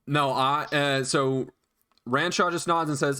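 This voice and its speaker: A man's voice: fairly high pitch, steady tone, unhurried, sharp tone, clean tone. Hesitant male game master. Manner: hesitant, many fillers and restarts. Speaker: dungeon master. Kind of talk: narrating a tabletop game.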